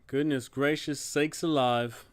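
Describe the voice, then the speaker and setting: A man's voice: mid-range voice, steady tone, unhurried, no room sound. A man, a dungeon master hosting a live Q&A stream, chatting casually and rambling. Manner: rambling, lots of fillers and restarts.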